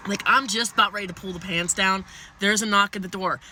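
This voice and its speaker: A woman telling a comic personal story in an animated, blunt way, swearing freely. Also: mid-range voice, a little fast, no room sound.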